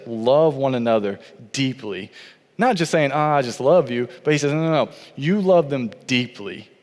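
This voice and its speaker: A man preaching a sermon as pastor, with an earnest, repetitive cadence. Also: on the high side. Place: church sanctuary. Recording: long church hall reverb.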